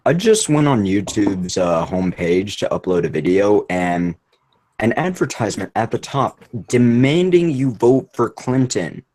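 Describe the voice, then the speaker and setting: A man's voice: fairly low pitch, sing-song, a little slow, darkish tone. A man co-hosting a casual online stream chat, talking while chewing food. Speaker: stream co-host.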